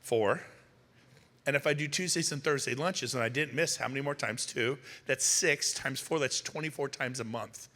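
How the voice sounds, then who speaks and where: A middle-aged man speaking on stage to an audience, telling punchy stories and firing quick questions at the crowd. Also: medium pitch, pushed and bright. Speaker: motivational speaker. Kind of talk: energetic stage talk to an audience. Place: large hall. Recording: long reverb in a large hall.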